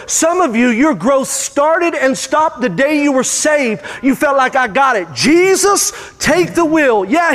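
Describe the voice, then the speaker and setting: A man's voice: very high voice, a bit bright. A man preaching a sermon as pastor, with rising, emphatic bursts. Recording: hall reverb.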